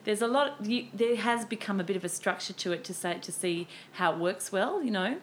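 A woman's voice: mid-range voice, brisk. A woman talks as a guest, storytelling with energy and slipping into her younger self. Her voice sits mid-range. A faint noise runs under the recording. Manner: animated, storytelling, acts out her past self. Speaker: guest, cabaret performer. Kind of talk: casual chat.

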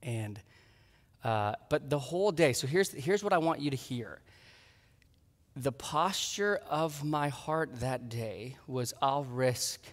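A pastor giving a sermon, telling a story with lively acted-out dialogue. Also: male voice, mid-range voice, slow, in a large hall. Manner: animated storytelling, acting out his own dialogue.

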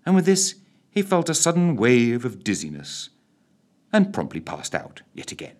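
A man, narrating a bedtime story in an expressive, theatrical way. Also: medium pitch, moderate pace.

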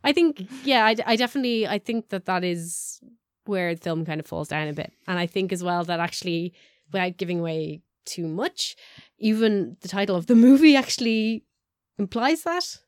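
A woman's voice: mid-range voice, normal speed, no room sound, clean studio sound. A woman co-hosting a podcast, chatting casually about films, laughing often and restarting her sentences. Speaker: podcast co-host. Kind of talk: casual film chat.

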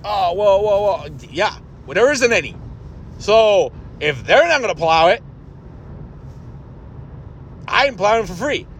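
High-voiced man ranting profanely. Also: animated, measured pace, long pauses, fairly bright tone, slight background noise. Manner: blunt, profane, exasperated ranting. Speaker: podcast host. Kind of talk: ranting podcast monologue.

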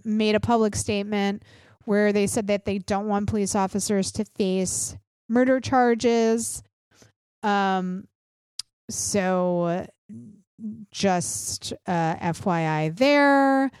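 A woman's voice: mid-range voice, clean tone, no room sound, studio quality. A woman in her thirties hosting a political podcast, ranting bluntly and sarcastically with frequent swearing. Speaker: podcast host. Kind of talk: opinionated political podcast rant.

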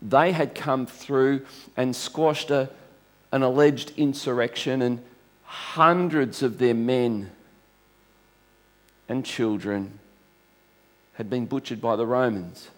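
A man's voice: mid-range voice, steady tone, takes it slowly, long pauses. A male pastor preaching a sermon to a congregation in a conversational, storytelling way, restarting phrases as he goes.

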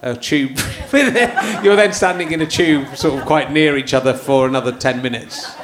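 A man's voice: a little high, normal speed, crowd noise. A man hosting a live podcast on stage, chatting and laughing with his guest. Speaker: podcast host. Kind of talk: casual chat. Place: theatre stage.

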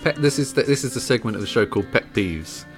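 A man's voice: mid-range voice, animated, fast talker, music in the background. A man hosting a podcast, chatting casually with dry, self-mocking humour and frequent laughter. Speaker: podcast host.

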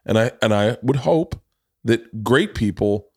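A man's voice: mid-range voice, lively intonation, measured pace, husky, dry recording, studio quality. A man hosting a podcast in casual chat, telling self-deprecating stories with frequent restarts and swearing. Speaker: podcast host.

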